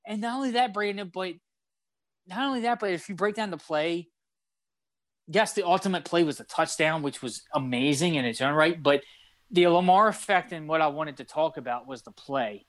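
A young man co-hosting a sports podcast, animated and fast-flowing as he retells a game and acts out his own shouting at the TV. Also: on the high side, no echo. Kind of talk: casual sports talk.

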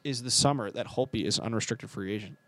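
A man co-hosting a casual chat, talking fast and correcting himself as he goes. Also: fairly low pitch, fairly bright tone. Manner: rambling, quick, self-correcting. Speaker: podcast co-host.

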